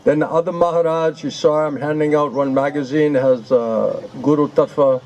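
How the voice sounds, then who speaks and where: A man telling a humorous anecdote to listeners, with slow, drawn-out delivery, laughter and mock-pleading repetitions. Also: on the high side, steady tone, darkish tone, rough recording. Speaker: storyteller to an audience.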